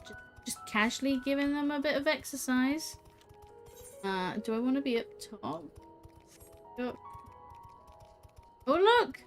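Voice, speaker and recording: A woman's voice: high voice, normal speed, long pauses, faint music behind. A woman streaming a game, giggly and playful, chatting casually and reacting with delight. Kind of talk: casual gameplay commentary.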